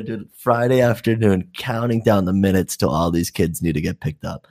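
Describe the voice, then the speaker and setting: A man's voice: fairly low pitch, normal speed, darkish tone. A young man, a youth program counselor, telling profane stories in a rambling casual chat full of "like" and "dude".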